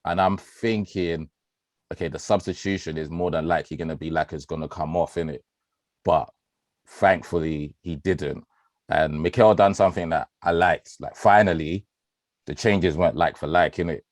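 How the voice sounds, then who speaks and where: A man, chatting about football as podcast co-host, animated and slangy, swearing freely and laughing often. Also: deep voice, moderate pace, no room sound. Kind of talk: casual football chat.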